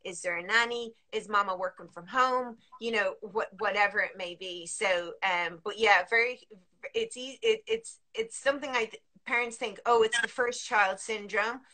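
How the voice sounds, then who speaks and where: A woman working as a sleep consultant talks over a live video call. Her voice is bright and forceful, and she rambles a little, restarting sentences and acting out parents and toddlers as she explains. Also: mid-range voice, moderate pace. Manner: chatty, many restarts and fillers, acts out parents and children.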